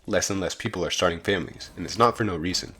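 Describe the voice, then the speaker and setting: A man reading a scripted video essay narration in a measured, explanatory way. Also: deep voice, pushed and bright, husky.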